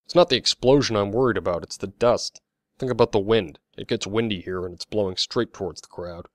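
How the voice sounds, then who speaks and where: A man's voice: lowish voice, a little fast, no room sound, lightly acted. A man voicing an anxious construction worker, urgent and worried.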